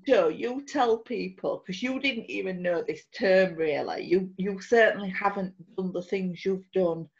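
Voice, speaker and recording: A woman's voice: medium pitch, measured pace, gravelly, few pauses, dull audio. A woman co-hosting a podcast, talking bluntly with a teasing edge. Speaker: podcast host. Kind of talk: casual chat.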